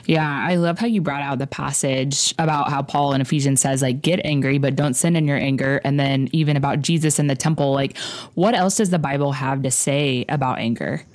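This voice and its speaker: Low-voiced woman hosting a podcast. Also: a little fast. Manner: warmly affirming, asks thoughtful follow-up questions. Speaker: podcast host. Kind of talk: casual interview.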